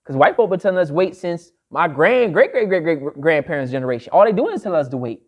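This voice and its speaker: A man's voice: fairly high pitch, animated, fast, dull audio. A man lecturing to a live audience, emphatic and repeating his key phrases like a refrain. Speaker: speaker addressing an audience.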